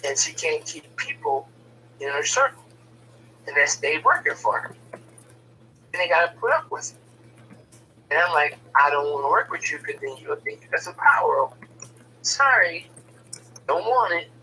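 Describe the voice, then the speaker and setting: A man's voice: a little high, big pitch swings, normal speed, pauses often, bright, forceful tone, recorded from a distance, slight background noise, poor audio. A man telling a personal story in casual, blunt, profane talk, often stumbling and repeating words as he starts a sentence.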